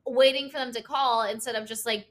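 A woman's voice: fairly high pitch, steady tone, brisk. A young woman in casual chat, telling a story with lots of fillers and cursing.

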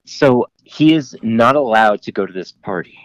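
A man in his thirties, a podcast guest rambling through a long story. He fills it with "like" and "um" and swears casually. His voice sits low and the recording is dry and close. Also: expressive, moderate pace, no echo, poor audio. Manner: rambling, filler-heavy, laughs often, profane.

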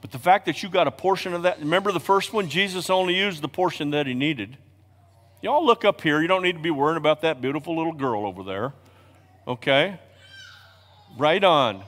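A male pastor preaching a sermon in a church, swinging from hushed, quiet lines to loud, shouted exhortations. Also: fairly high pitch, animated, brisk. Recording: long reverb of a large hall.

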